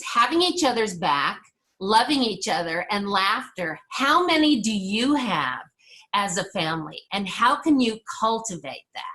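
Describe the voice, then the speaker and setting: A woman with a bright, crisp voice leads a resilience workshop. She tells personal stories in an upbeat, conversational way as she talks a group through her slides. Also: medium pitch.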